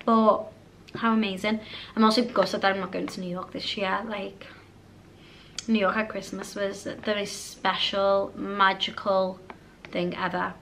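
A woman's voice: medium pitch, flat delivery, measured pace, creaky, a bit bright, slight background noise. A British woman vlogging a casual haul, chatty and rambling, often drifting off topic. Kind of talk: casual haul vlog chat.

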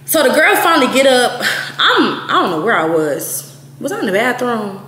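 A Texan vlogger in her twenties tells a casual storytime at normal speed in a slightly high voice. She's blunt, profane and animated, quoting people's voices as she goes. The room is echoey with faint noise.

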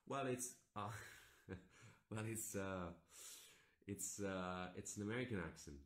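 A man's voice: on the low side, slow pace, roomy sound. A man from Italy with an Italian accent, talking earnestly and casually with fans on a phone livestream from his home, with many fillers and restarts. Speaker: actor. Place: indoors at home.

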